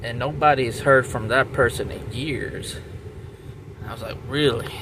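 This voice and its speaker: Man, rambling storyteller, slow delivery, outdoors with traffic and street noise behind him. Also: mid-range voice. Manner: rambling, repeats words and restarts, many fillers. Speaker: vlogger telling a story.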